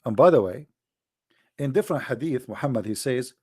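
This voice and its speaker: A man's voice: medium pitch, lively intonation, darkish tone, husky, no echo, studio quality. A man giving mocking religious commentary, sarcastic and sing-song, drawing out the words he quotes. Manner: sarcastic, sing-song mockery with slow drawn-out quoting.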